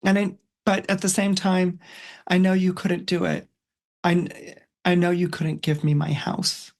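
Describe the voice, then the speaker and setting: A man's voice: sits high, flat delivery, measured pace, a little mellow, pitched above the performer's own voice. A man voicing a wistful little girl.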